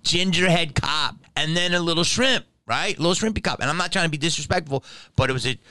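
A man hosting a podcast, telling a story in an animated, profane way and acting out both sides of a quarrel. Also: a little high, fairly quick, no room sound. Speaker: podcast host. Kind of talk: comedic storytelling.

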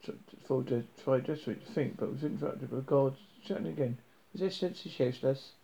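A man reading a novel aloud, halting, with frequent slips and restarts. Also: medium pitch, steady tone, gravelly, mellow. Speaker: reader. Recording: dull lo-fi recording.

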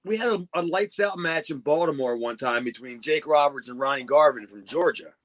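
High voiced dude cohosting a podcast, rambling stories, swears a lot. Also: male voice, expressive, a little fast, a bit bright. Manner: storytelling, swears freely, laughs often. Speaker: podcast co-host. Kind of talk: casual chat.

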